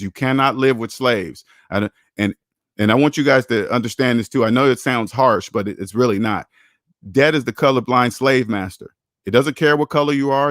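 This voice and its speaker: A man's voice: medium pitch, no room sound. Blunt man hosting a money Q&A stream; preachy and profane, voice jumps up when he mocks, dry close mic. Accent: American English. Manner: blunt, preachy, swears for emphasis; repeats himself, rises sharply when mocking. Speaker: personal finance show host. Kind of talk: live Q&A stream, answering chat.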